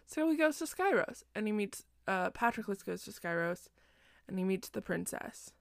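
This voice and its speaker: A woman's voice: medium pitch, big pitch swings, moderate pace, creaky, no echo, clean studio sound. A sleepy young woman recapping a book in a chatty, self-deprecating, digressive way, recorded at home at night. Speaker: podcast host.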